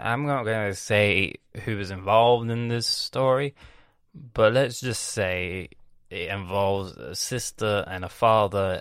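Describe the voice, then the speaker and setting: Rambling casually for a vlog, a 20-year-old man swears, leans on slang and keeps restarting, his breathing picked up by a close mic. His voice is fairly low, smooth and a bit bright, with no echo.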